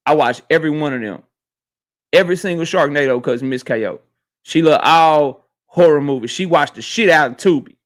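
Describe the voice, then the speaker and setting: A man's voice: a little high, fairly bright tone. A man hosting a casual livestream, talking in loose slang and answering viewers' chat messages. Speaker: host of a boxing talk livestream.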